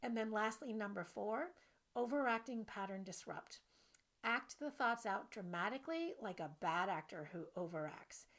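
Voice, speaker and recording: A woman talks through a self-help video lesson in an animated, playful way. Her voice sits at a middle pitch with noticeable vocal fry. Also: moderate pace.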